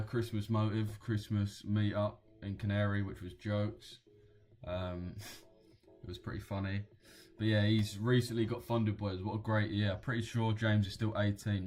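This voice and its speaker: A man's voice: on the low side, a little mellow. A young British man hosting a live trading stream, chatting casually in slang and reading out viewer comments. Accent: British English. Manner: laid-back, slangy, reads out viewer comments. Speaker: trading livestream host. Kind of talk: casual livestream chat.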